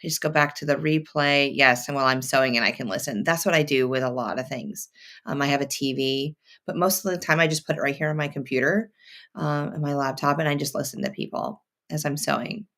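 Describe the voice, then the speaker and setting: A woman hosts a sewing live stream, casually chatting and reading viewer comments aloud while she works. She thinks out loud with many fillers and restarts, speaking briskly in a low voice.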